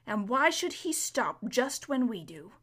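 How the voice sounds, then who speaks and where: A woman voicing a proud, anxious male talking warhorse in a storybook reading, gruff and fretful, dropping into urgent hushes. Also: on the high side, big pitch swings, a little slow, full character voice. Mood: wary.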